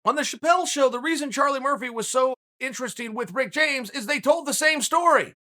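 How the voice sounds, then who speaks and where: High, bright-voiced male host. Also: a little fast. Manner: animated storytelling, conversational asides. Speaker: podcast host. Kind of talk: casual commentary monologue.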